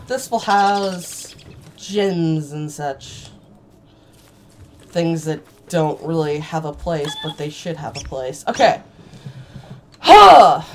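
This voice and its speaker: Excitable woman swearing at a game. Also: on the low side, slight background noise. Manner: excitable, swears a lot, sudden outbursts; playful mock-old-fashioned voice at times. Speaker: gaming channel host. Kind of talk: solo game commentary. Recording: cheap mic, faint game music.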